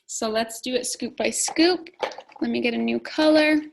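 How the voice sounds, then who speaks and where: A woman teaching a phonics lesson to young children, slowly and clearly sounding out letters and words. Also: fairly high pitch, a little hiss or hum, poor audio.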